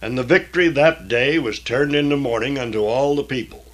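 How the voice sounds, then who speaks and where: A man reading scripture aloud in a deliberate, old-fashioned diction, stopping now and then for plain explanatory asides. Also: medium pitch. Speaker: Bible reader and teacher.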